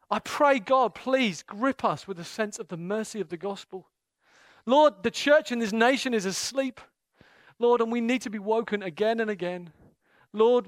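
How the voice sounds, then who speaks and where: In a church meeting room, a man delivers an impassioned sermon and leads prayer, shifting between hushed intensity and loud, fervent outbursts. His voice is high, and the sound is clean studio quality with no echo.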